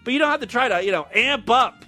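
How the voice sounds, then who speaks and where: A man's voice: extremely high pitch, expressive, fast, bright, forceful tone, soft background music. A man hosting a comedy show, reading news stories aloud and breaking in with crude, sarcastic asides. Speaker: podcast host.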